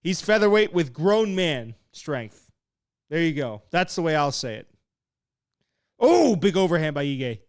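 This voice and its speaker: Young guy hosting a fight watch-along, slightly high voice, smooth and dry close sound, loose and excitable. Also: measured pace, long pauses, dry recording. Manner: excitable and laid-back, swearing, laughing at chat. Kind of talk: casual live commentary while reading chat.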